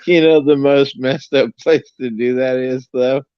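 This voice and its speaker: A man in a casual, crude chat, telling a story in a drawn-out way and laughing easily. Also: mid-range voice, fairly even intonation, clear, resonant tone, no echo. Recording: dull lo-fi dry recording.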